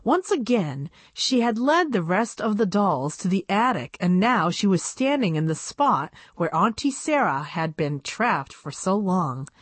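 A woman narrating a children's storybook in an expressive reading voice. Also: mid-range voice, unhurried, few pauses, no room sound. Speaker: audiobook narrator.

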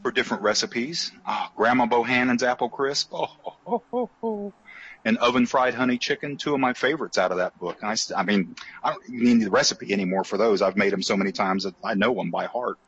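A man's voice: mid-range voice, expressive, quick pace, fairly bright tone, husky, lo-fi sound. A man co-hosting a podcast in casual chat, joking and telling stories. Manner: joking, chatty, storytelling. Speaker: podcast co-host.

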